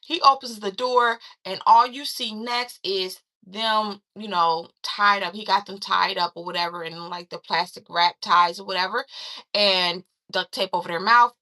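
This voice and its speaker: A woman chatting through a casual movie recap, acting out quoted lines in a lively, conversational way. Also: mid-range voice, moderate pace. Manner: chatty, animated retelling with quoted voices. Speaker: film reviewer.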